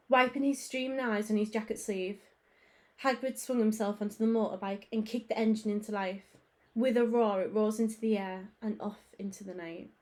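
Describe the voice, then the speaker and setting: A primary school teacher, a woman, reading a children's book aloud with clear, expressive storytelling. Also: medium pitch, moderate pace.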